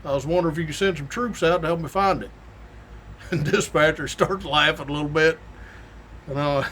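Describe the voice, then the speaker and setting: A man's voice: on the high side, brisk, fairly bright tone, slight background noise. A middle-aged man, a police sergeant, telling stories in a folksy, drawling way and chuckling as he goes. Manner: folksy, drawling, laughs through his stories. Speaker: state police sergeant hosting a weekly show. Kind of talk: casual storytelling monologue.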